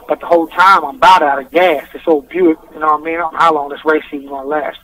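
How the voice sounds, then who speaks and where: A man's voice: a little high, fairly even intonation, quick pace, few pauses, fairly bright tone. A man calling in from jail, rambling through a story in casual street slang with heavy swearing. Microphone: phone call. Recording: distant, noisy phone line from jail.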